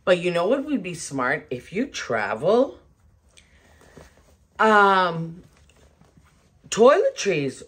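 A middle-aged woman, chatting casually to camera in an animated way, laughing often and restarting her sentences. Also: fairly low pitch, drawn-out words, pauses often, breathy edge. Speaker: home decor vlogger. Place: home bedroom.

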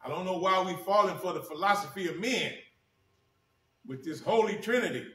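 A male pastor preaching a sermon, repeating key phrases with emphasis and slowing down to read scripture. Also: sits high, expressive, sharp tone. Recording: echoey room, mic at a distance.

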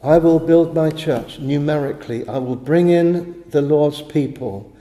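Male pastor, sermon, dark mellow voice, halting restarts, roomy chapel echo. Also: on the high side. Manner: measured preaching with halting restarts. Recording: echoey chapel with long reverb.

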